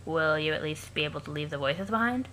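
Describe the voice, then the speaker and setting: A cranky young male troll from a webcomic, snide and crude, read by a woman close to her own voice. His low but bright, cutting voice drips with sarcasm. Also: expressive, brisk, a little hiss or hum. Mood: sarcastic.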